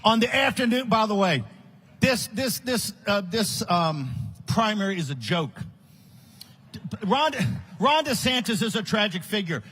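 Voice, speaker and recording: A man rails at a conference crowd in a combative political speech, his raspy voice straining very high. The tone is sharp and bright, and he keeps tipping into shouts full of scorn. He sounds like a big hall speaker working the room. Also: very animated, a little slow. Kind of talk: fiery political rally speech.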